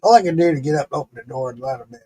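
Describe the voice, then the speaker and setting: A man's voice: fairly high pitch, very fast, breathy edge. A middle-aged man streaming live, telling a story in a casual, profane way, laughing often. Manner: profane, laughing, animated retelling.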